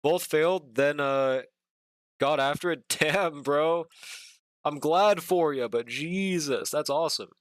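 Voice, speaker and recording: Male streamer, higher voice, dry close sound, chatty and profane, hums while drawing. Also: slow pace, dry recording. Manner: joking, profane, hums to himself. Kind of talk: casual live-stream chat while drawing.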